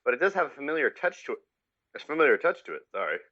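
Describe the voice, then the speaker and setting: A man co-hosting a casual chat about cartoons, goofy and jokey, with quick apologetic asides. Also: medium pitch, very animated, sharp tone. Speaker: podcast co-host. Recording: dull lo-fi mic.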